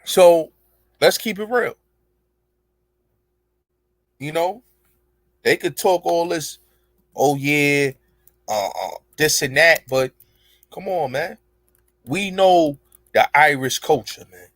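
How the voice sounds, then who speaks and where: A man's voice: fairly high pitch, expressive, takes it slowly, pauses often, a bit bright, no echo. A man hosting an online show, delivering a rambling, emphatic monologue full of profanity and street slang. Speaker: show host. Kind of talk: casual monologue.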